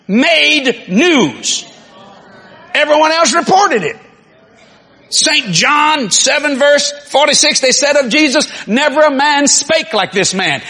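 A man's voice: extremely high pitch, husky. A man preaching a sermon, telling stories with acted-out quotes and frequent laughter. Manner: animated storytelling, acts out quotes, laughs often. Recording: long reverb in a large hall.

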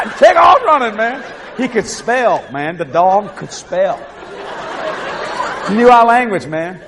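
A man preaching with comic storytelling, animated and laughing as he acts out scenes. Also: high-pitched, unhurried, long pauses, a crowd in the background, noisy background.

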